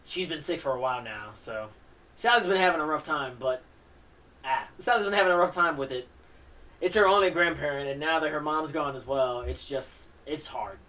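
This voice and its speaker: A woman's voice: low-pitched, normal speed, a bit bright, recorded from a distance. A woman voicing a shy, earnest teenage boy wizard, in a hesitant, subdued manner.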